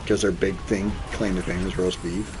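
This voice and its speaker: A man's voice: low voice, little pitch movement, moderate pace, noisy background. A young man streaming a game, rambling through loose, profane stories in casual chat. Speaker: gaming streamer. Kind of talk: casual storytelling chat while gaming.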